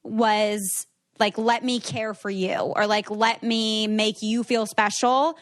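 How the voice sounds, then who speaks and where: A woman hosting a podcast, telling a story in animated casual chat and laughing often. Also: mid-range voice, takes it slowly. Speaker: podcast host.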